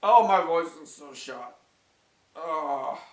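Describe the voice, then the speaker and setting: A man's voice: a little high, animated, slow. A man voicing a weary, washed-up male cartoon star who moans and rambles in complaining rants. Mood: gloomy. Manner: whiny, moaning, rambling rants. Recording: roomy echo from a distant mic.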